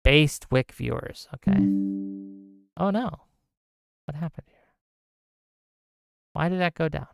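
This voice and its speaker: A man's voice: a little high, takes it slowly, gravelly, pauses often, no echo, faint music behind. A man hosting a solo livestream, ranting heatedly about news and reading viewer chat aloud. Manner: reads chat comments aloud. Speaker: host.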